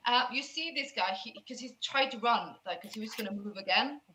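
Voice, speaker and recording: A woman narrating as game master of a tabletop game in a casual, halting way. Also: a little high, pushed and bright, roomy sound, slight background noise, poor audio.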